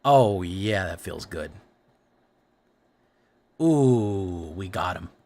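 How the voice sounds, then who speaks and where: A young man streaming a card game live, joking around and chatting excitedly with his viewers. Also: low voice, a little slow. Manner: excitable, joking, talks to chat. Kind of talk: casual live-stream commentary while playing a card game.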